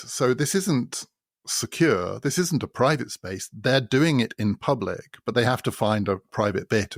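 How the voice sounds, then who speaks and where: A man hosting a podcast who explains a novel in a measured, storytelling way. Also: lowish voice, creaky, no room sound, studio quality. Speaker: podcast host.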